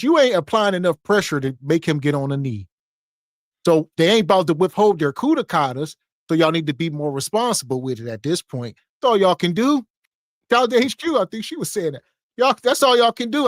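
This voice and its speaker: A man's voice: on the high side, very animated, fairly quick, dry recording, studio quality. A man co-hosting a podcast, delivering blunt, scornful commentary. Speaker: podcast co-host. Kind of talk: casual commentary.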